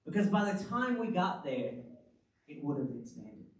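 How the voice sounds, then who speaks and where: A man preaching a sermon as pastor, in an animated, conversational style full of rhetorical questions. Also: on the high side, normal speed. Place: church hall. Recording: very echoey hall, from the far mic.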